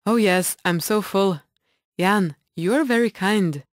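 A woman's voice: mid-range voice, slow pace, no echo. Reassuring female lesson narrator, dry.

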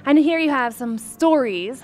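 A woman's voice: sits high, animated, measured pace. A woman sports reporter conducting an interview, asking upbeat prompting questions. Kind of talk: sideline interview.

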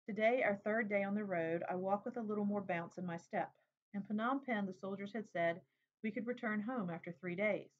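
A woman reading a memoir aloud in a steady, plain, unhurried way. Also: mid-range voice, a little hiss or hum. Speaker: reader. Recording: dull lo-fi recording.

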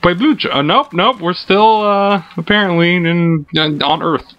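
A man's voice: sits high, normal speed, a little hiss or hum. Chatty joking man, dull lo-fi sound. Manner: joking, chatty, laughs often. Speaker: co-host of a gaming show. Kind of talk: casual let's play chat. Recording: dull lo-fi audio with game music.

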